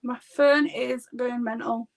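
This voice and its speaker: A woman's voice: a little high, steady tone, measured pace, vocal fry. A woman with a Yorkshire accent in her thirties, a makeup artist chatting casually on a live stream in a rambling way with lots of "like". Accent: Yorkshire English. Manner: chatty and rambling, heavy use of "like".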